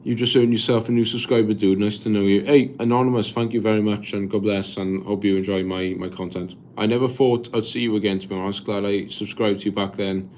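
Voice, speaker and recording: A Welsh man in his twenties chatting casually on a live stream, reading viewer comments aloud and answering in a halting, rambling way with lots of restarts. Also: lowish voice, level tone, a little mellow, slight background noise. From Wales. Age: 20s.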